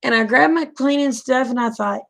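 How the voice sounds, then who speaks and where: A middle-aged woman, telling a folksy story in a casual, animated way and acting out the quoted dialogue. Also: high-pitched, moderate pace, creaky. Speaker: vlogger telling stories.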